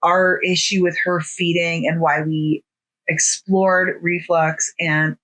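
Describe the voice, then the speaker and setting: Relaxed thoughtful woman co-host. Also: on the low side, takes it slowly, rough recording. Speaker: podcast co-host. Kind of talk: casual chat.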